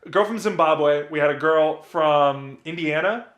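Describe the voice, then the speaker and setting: A man's voice: a little high, measured pace, a bit bright, dull audio. A young man from New Jersey, co-hosting a podcast and telling a rambling story in casual chat, often repeating himself. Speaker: podcast co-host. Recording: roomy echo.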